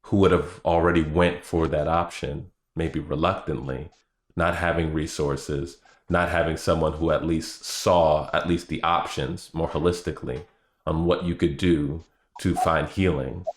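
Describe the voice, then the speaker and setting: A man's voice: very deep voice, fairly even intonation, a little slow. A man hosting an interview, affirming his guest and reflecting in a thoughtful way. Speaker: podcast host. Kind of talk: interview conversation. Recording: echoey room.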